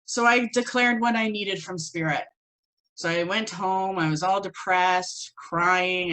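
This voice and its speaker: Lower-voiced woman telling a personal story. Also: measured pace, rough recording. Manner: animated, acts out quoted voices. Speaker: spiritual teacher.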